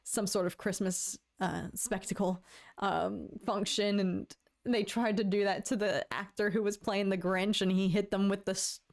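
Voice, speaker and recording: A woman's voice: medium pitch, fairly even intonation, normal speed, darkish tone. A woman hosting a casual livestream, talking to her viewers in a rambling way, stammering into restarts and playfully lamenting in a mock-dramatic tone. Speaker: livestream host.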